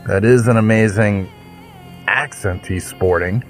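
Male podcast host, lowish voice, theatrical and jokey, faint music under him. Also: a little slow. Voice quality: theatrical, jokey, mock-grand self-introduction. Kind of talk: playful scripted intro with mock fantasy banter.

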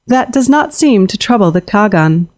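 A woman's voice: medium pitch, lively intonation, normal speed, a little mellow, no room sound, close to an everyday voice. Woman voicing a proud young princess. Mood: resolute. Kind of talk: audiobook fiction reading.

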